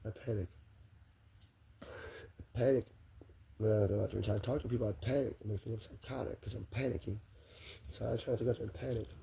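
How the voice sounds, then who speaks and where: A man's voice: lowish voice, steady tone, quick pace, vocal fry, pauses often, mellow, slight background noise. A man talking straight to the camera in a rambling personal monologue, circling back on the same phrases again and again.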